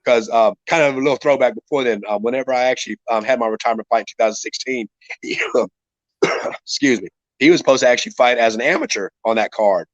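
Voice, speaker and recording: A middle-aged man with a drawl spins a rambling, profane story about a fight, full of restarts. His voice sits at an ordinary pitch. The recording is dry and slightly muffled, like a home podcast mic. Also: expressive, fast, no room sound. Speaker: retired MMA fighter guest. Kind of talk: casual storytelling.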